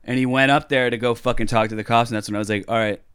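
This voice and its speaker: A young man in his twenties telling a story in casual chat, swearing a lot and acting out other people's voices loudly. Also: mid-range voice, steady tone, rapid-fire, clear, resonant tone.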